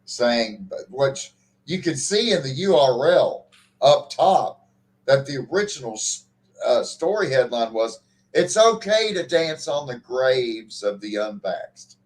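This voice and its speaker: Animated, profane male podcast co-host. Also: medium pitch, slow pace. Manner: animated, profane ranting with many restarts. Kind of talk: casual chat.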